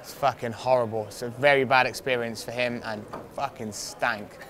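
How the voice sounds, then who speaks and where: A man's voice: medium pitch, steady tone, moderate pace, a bit bright. A young man, a fighter, telling a rambling anecdote in a casual interview, swearing freely and laughing often. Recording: crowd noise outdoors.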